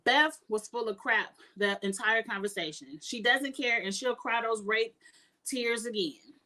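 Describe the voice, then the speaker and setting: A woman's voice: fairly high pitch, measured pace, sharp tone. A woman giving outspoken, emphatic casual commentary as a reality TV reviewer.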